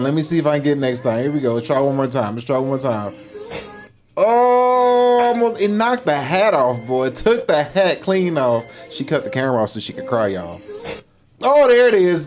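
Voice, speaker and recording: Teasing man doing reaction commentary. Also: a little high. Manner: teasing, animated, repeats slang tags like boy and buddy. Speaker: livestream host.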